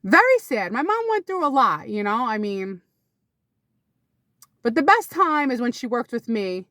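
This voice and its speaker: A woman vlogging to camera, telling rambling casual stories about her mother with sudden high exclamations. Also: very animated, measured pace, sharp tone, no echo, clean studio sound.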